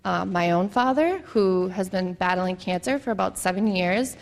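A woman in her thirties sharing an earnest, reflective personal testimony about a mission trip visit, pausing on frequent ums. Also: mid-range voice, animated, vocal fry. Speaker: church mission trip member.

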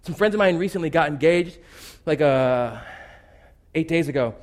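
A man's voice: on the high side, expressive, normal speed. A man preaching a conversational sermon, loose and chatty, acting out quotes in shifting voices. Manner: loose and chatty, with fillers like "like" and "basically".

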